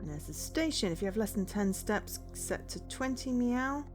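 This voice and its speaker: A woman's voice: fairly high pitch, animated, over music. Meowing woman streaming late at night. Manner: tacks "meow" onto nearly every phrase as a dare; thinking aloud with many pauses and "um"s. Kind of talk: casual charity stream commentary.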